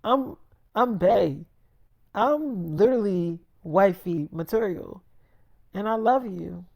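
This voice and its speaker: A bold young girlfriend who talks straight and won't back down, as a storyteller quotes her. Her tone is dark and mellow, heard dry and close without any room sound. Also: mid-range voice, expressive, slow, gravelly, no echo, heavily acted. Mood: insistent.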